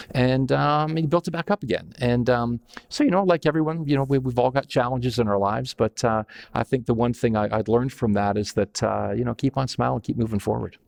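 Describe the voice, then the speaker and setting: A man's voice: mid-range voice, vocal fry, a little mellow. A man, a company founder, telling an anecdote in a casual interview, rambling with many fillers and restarts. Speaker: company founder and CEO guest.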